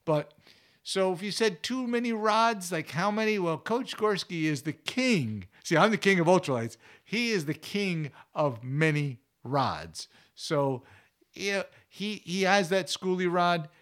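A man's voice: high voice, expressive, a little slow, a bit bright. A man hosting a fishing show, giving casual advice in a chatty, folksy way with anecdotes. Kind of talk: casual instructional talk.

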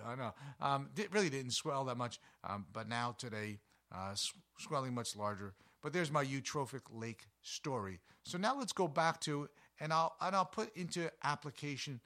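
A man hosting his own show, from New Jersey, telling outdoor stories in a casual, animated way with jokes and plenty of ums. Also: mid-range voice. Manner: animated, jokey, fillers and self-corrections. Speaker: show host. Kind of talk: casual storytelling monologue.

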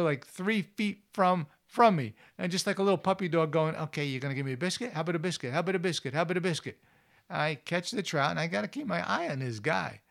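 Man, outdoor show host, casual rambling storyteller, fillers, fairly high voice. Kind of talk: anecdotal storytelling.

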